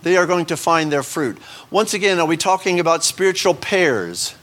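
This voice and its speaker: A man delivering a sermon with a slightly raised pitch. He talks loosely and conversationally, stopping himself mid-sentence for asides and checking in with "right?" as he goes. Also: lively intonation, normal speed, fairly bright tone. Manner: conversational, self-interrupting, asides and rhetorical "right?". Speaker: pastor.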